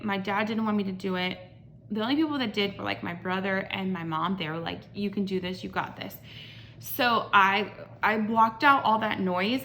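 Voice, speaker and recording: A woman's voice: mid-range voice, fairly bright tone, a little hiss or hum. A woman in her thirties telling her own story in a personal vlog, candid and rambling, with many fillers and restarts. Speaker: vlogger.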